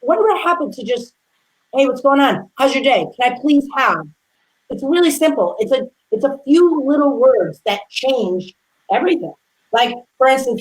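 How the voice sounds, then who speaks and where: A woman's voice: medium pitch, poor audio. Chatty woman chef telling stories. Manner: lively storyteller who acts out quotes. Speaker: guest chef. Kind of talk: casual interview chat.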